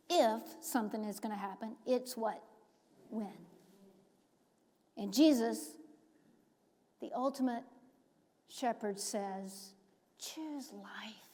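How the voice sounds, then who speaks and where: Woman preaching in a reverberant church. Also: a little high. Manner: dramatic drops to a hushed whisper on key phrases; emphatic, rising on stressed points. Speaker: pastor. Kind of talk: sermon. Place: church sanctuary.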